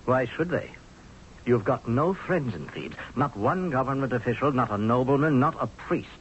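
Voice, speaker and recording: A hard-headed, scornful military commander in a vintage radio play, voiced by a man. He talks forcefully, with sarcasm and wide swings in pitch. The recording is dull and lo-fi, like an old radio broadcast. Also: animated, moderate pace, a little hiss or hum, close to an everyday voice. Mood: urgent. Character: blunt angry male Egyptian general. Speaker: actor. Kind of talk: 1970s radio drama acting.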